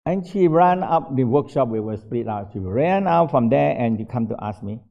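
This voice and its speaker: A man's voice: mid-range voice, lively intonation, moderate pace, creaky. An older man who is not an English speaker tells stories in a casual workshop as a meditation teacher, in broken English and laughing often. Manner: non-native English, broken grammar, frequent laughs. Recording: dull lo-fi recording.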